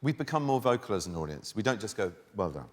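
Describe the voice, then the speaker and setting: A man's voice: fairly low pitch, sing-song, fast. An English man chatting as a talk show guest, self-deprecating and hesitant, with frequent restarts. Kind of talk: casual chat. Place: TV studio with live audience. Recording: reverberant studio with audience noise.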